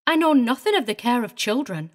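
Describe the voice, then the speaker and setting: A woman's voice: on the high side, big pitch swings, brisk. A woman voicing a prim, tearful older female governess who speaks with fussy, indignant precision. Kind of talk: audiobook character reading.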